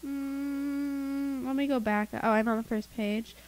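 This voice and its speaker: A woman's voice: high-pitched, steady tone, takes it slowly, darkish tone, a little hiss or hum, rough recording. A teenage girl co-hosting a kids' tech podcast, chatty and giggly, reading listener emails aloud with her own asides. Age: teens. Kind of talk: casual podcast chat.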